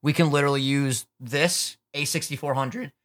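A man's voice: medium pitch, fairly even intonation, moderate pace, a bit bright. A young man co-hosting a casual podcast, joking crudely and swearing as he chats at a studio desk. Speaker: podcast co-host. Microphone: studio mic at a podcast desk.

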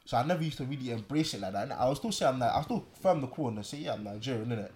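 A young man, telling stories in a casual group chat with animated slang. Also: mid-range voice, very fast. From England.

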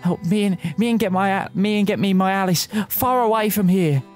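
A man's voice: sits high, moderate pace, faint music behind, pitched above the performer's own voice, lightly acted. A man doing a gushing, lovesick young suitor. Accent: put-on Kiwi. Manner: breathless, gushing, sighing.

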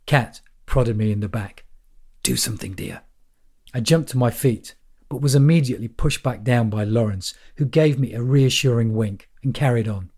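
A man's voice: medium pitch, normal speed, mellow. A man narrating an audiobook in a dry, wry way.

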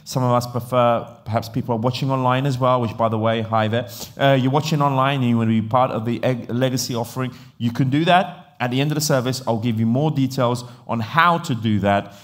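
Speaking fairly fast with few pauses and a medium pitch, a male pastor from Italy, who has an English accent, preaches a sermon that starts with a podcast intro. He narrates in a lively, conversational style, often using fillers.

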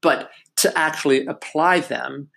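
A man's voice: fairly high pitch, unhurried, gravelly, bright, forceful tone. An older man in casual chat, telling a family story in a reflective way and laughing now and then.

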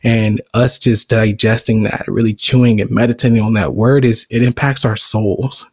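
A man's voice: medium pitch, slightly rough, dry recording. A man hosting a devotional podcast, teaching on scripture in an earnest, reflective way and chuckling now and then. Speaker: podcast host.

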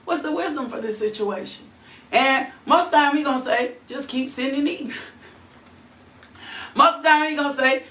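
A woman hosting a devotional, preaching fervently with bursts of shouted praise and laughter. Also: high voice. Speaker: devotional host. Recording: echoey room, mic at a distance.

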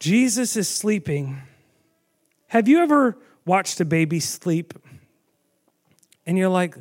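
Animated high-voiced male preacher. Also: slow pace, long pauses. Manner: animated storytelling, asks the audience questions, acts out quotes. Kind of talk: sermon.

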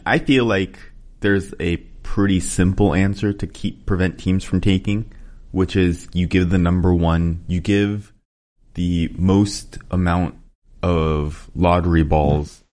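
A man's voice: deep voice, fairly even intonation, slow pace, darkish tone. A man on a podcast panel laying out an idea plainly in casual discussion.

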